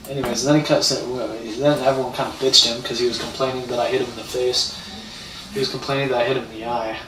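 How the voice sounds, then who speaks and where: A man's voice: medium pitch, level tone, fast talker, noisy background. A man live streaming, telling a rambling, profane story and repeating himself as he talks. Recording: roomy, distant mic, faint ambience.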